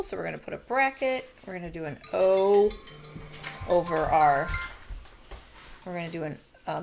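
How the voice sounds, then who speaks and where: A woman's voice: fairly low pitch, creaky, darkish tone, slight background noise. Patient woman teaching phonics. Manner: patient, encouraging, talks to students. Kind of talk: phonics coding lesson.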